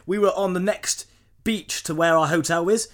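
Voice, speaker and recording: A young man, telling a story on a podcast with animated laughter and acted-out quotes. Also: high-pitched, moderate pace. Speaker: podcast co-host. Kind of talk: casual storytelling chat.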